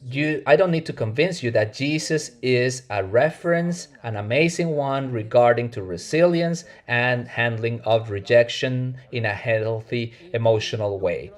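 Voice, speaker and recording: Earnest preacher, Mexican Spanish accent. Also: male voice, mid-range voice. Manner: earnest, measured preaching with self-corrections. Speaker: pastor. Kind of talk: sermon.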